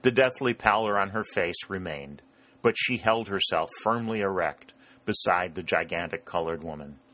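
A man reading a historical novel aloud as an audiobook narrator, in a steady, measured way. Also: low voice. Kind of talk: scripted narration.

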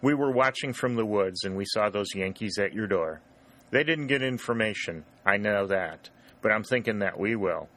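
A man voicing a gentle, lively young cavalry scout. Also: fairly low pitch, moderate pace. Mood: amused. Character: young cheerful male Confederate scout.

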